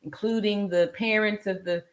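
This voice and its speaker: A woman's voice: mid-range voice, steady tone, normal speed. Woman, forties, livestream host, casual chat, lots of fillers, laughs often. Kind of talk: casual livestream chat reading viewer comments.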